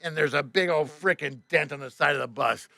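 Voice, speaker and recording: A man telling a story as a tour bus driver on a podcast, animated, swearing often and acting out the other voices. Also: a little high, fairly quick, vocal fry, dry recording. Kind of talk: casual storytelling.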